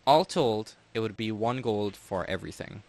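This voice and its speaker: A man narrating as game master in a tabletop game, relaxed and wry. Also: lowish voice, normal speed. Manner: relaxed, wry, trails off and restarts.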